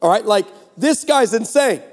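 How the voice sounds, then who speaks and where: A guest preacher in his forties gives a comedic sermon at normal speed in a high, lively voice. He tells stories with animated, sarcastic, joking energy. His voice echoes at length through a large church hall.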